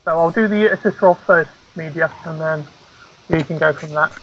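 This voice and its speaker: A man's voice: on the high side, moderate pace, dull audio. A man casually chatting as a player in an online tabletop game, hesitant and repeating himself.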